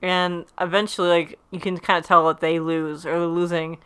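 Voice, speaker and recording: A woman's voice: fairly low pitch, flat delivery, normal speed, a bit bright, smooth. A young woman on a podcast, recapping an episode in casual chat, rambling with many "like"s and acting out the quotes. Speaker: podcast co-host.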